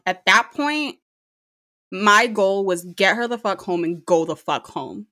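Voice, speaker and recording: A young woman telling a story about a date in a casual monologue, lively and profane, laughing often. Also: lowish voice. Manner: animated, swears freely, laughs often.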